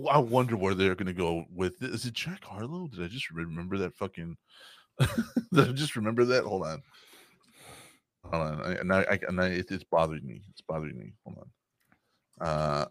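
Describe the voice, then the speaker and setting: A man's voice: fairly low pitch, dry recording, studio quality. A man co-hosting a casual podcast chat, talking animatedly and swearing freely as he acts out movie scenes. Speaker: podcast co-host.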